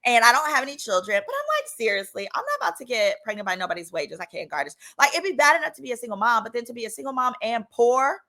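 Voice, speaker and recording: A woman in her thirties from Texas telling a personal story in a casual, animated way, acting out the people she quotes. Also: fairly high pitch, fast talker, hardly any pauses. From Texas, United States. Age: 30s. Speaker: lawyer and channel host.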